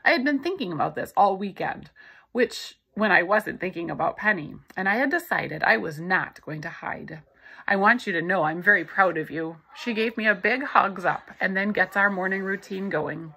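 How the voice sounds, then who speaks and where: A woman reading a novel aloud in the first person, in a steady storytelling manner. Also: medium pitch, normal speed, creaky, husky, poor audio. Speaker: audiobook narrator.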